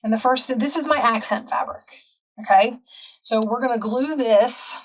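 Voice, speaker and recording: A woman's voice: on the high side, normal speed, distant mic, dull audio. A woman hosting a casual craft tutorial, chatting and rambling with frequent ums in her home craft room. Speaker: craft channel host.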